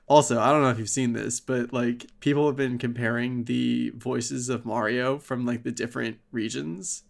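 Gravelly-voiced man in casual rambling chat. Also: mid-range voice, fairly even intonation, normal speed. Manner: rambling, frequent fillers and swearing.

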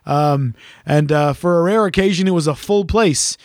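A man's voice: fairly high pitch, moderate pace, no echo, clean studio sound. A man hosting a casual chat, telling a teasing, swear-filled story about a gig he sang at. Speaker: podcast host and gigging singer.

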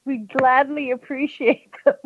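A woman's voice: high-pitched, steady tone, unhurried, a little hiss or hum. A woman from Louisiana who is a guest on a live talk show, speaking bluntly and playfully. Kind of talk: casual chat as a call-in guest. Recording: dry, tinny phone-like line.

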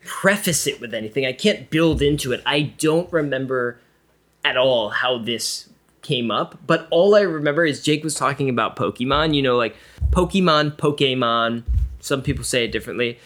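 A man's voice: mid-range voice, moderate pace, a bit bright. A young man co-hosting a podcast in casual banter, teasing and laughing often. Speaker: podcast co-host.

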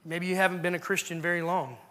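A man's voice: high-pitched, level tone, fast talker, bright, forceful tone, big-room sound. A male pastor preaching a sermon in a church, earnestly urging his listeners with repeated questions. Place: church sanctuary.

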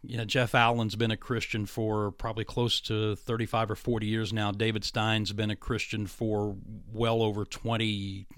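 A man's voice: lowish voice, level tone, moderate pace, hardly any pauses, a bit bright, clear, resonant tone, dry recording. Earnest male radio host, dry sound. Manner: earnest, many small restarts. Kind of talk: conversational radio interview.

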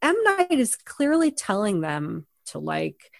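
A young woman co-hosting a movie review podcast, exasperated and expressive, swearing freely. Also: high voice, slow, no echo, studio quality. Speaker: podcast co-host. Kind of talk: casual movie review chat.

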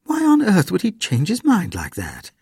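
A man's voice: high voice, wildly swooping pitch, moderate pace, creaky, darkish tone, husky, no room sound, clean studio sound, pitched above the performer's own voice, heavily acted. A man voicing an earnest, slightly nervous young mother in a storybook reading. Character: anxious practical young mother.

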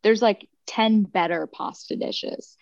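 A woman's voice: medium pitch, takes it slowly, darkish tone, no room sound. A young woman guest on a sports podcast, talking casually and chattily with lots of fillers and self-deprecating asides. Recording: dull, slightly muffled sound.

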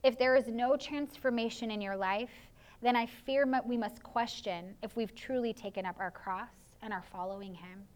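A woman's voice: a little high, normal speed, hardly any pauses. A woman pastor preaching a sermon in an earnest, confessional way, often slipping into spoken prayers as asides.

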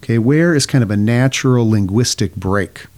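A man's voice: medium pitch, normal speed, darkish tone. A man co-hosting a podcast, explaining liturgical chant step by step and singing short examples. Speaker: podcast co-host. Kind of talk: casual explanatory chat.

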